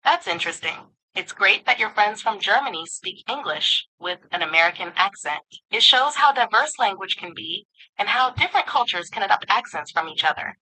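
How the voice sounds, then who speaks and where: A synthetic woman's voice, an AI voice assistant, giving smooth, upbeat, polished replies in conversation. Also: mid-range voice, pushed and bright, rough recording.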